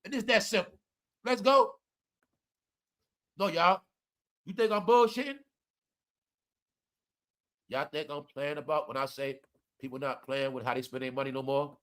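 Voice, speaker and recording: Bright-voiced man on a profane rant. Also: a little high, measured pace, long pauses. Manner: animated, preachy, addresses viewers as y'all. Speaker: commentary vlogger.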